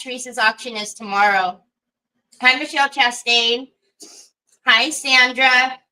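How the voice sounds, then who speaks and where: A woman's voice: on the high side, sharp tone, smooth, poor audio. A woman hosting a casual craft livestream, chatting to viewers by name, laughing often and teasing herself. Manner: self-deprecating and giggly.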